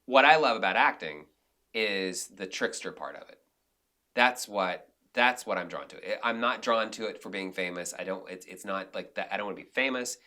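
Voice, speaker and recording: A man talks as a podcast guest, telling stories in an animated, rambling way full of restarts. His voice sits somewhat low but comes through bright and forceful. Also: moderate pace. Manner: animated storyteller, many restarts and "like"s. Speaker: guest, director and actor. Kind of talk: casual interview storytelling.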